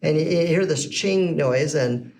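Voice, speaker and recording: A man's voice: a little high, measured pace. A middle-aged man, a podcast guest, telling his business story in a casual way and acting out the voices of the people in it. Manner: animated storyteller who acts out quoted dialogue. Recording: slightly distant mic with faint background noise.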